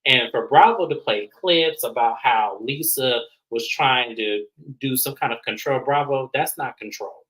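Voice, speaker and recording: A man co-hosting a casual reality TV recap, acting out quotes in an animated way. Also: a little slow, poor audio. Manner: animated, acts out quotes with raised pitch. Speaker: recap show co-host. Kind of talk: casual review chat.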